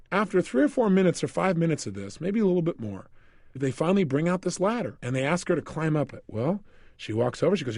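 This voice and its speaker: A man who is a motivational speaker, telling stories in an animated way in a self-help audio program. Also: fairly high pitch, quick pace, no room sound, studio quality. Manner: animated storytelling, laughs often.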